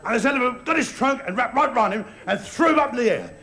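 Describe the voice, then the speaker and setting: Comic giggling thru his gags, high lively voice, loud crowd. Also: fast talker. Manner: stumbling, giggling at his own jokes. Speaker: stand-up comedian. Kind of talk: live stage comedy routine. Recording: live stage, loud audience laughter.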